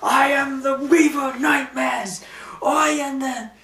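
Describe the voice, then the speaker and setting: Man shouting as a ranting cartoon supervillain. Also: very high voice, steady tone, takes it slowly, gravelly, voice pushed up, heavily acted. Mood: bombastic. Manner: shouting bombastic threats. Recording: roomy, distant from mic.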